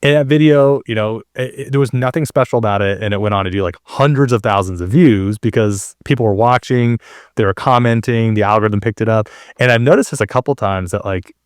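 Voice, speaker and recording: A man in his thirties hosting a marketing podcast, telling stories in a casual, animated way with quick asides. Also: fairly low pitch, clean tone, no echo, studio quality. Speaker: podcast host. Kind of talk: casual interview chat.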